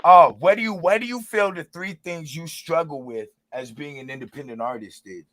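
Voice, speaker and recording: A man's voice: a little high, normal speed, a bit bright, slight background noise. A man hosting a casual interview, joking around, laughing often and talking loosely with lots of fillers. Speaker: interview host. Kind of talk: casual chat.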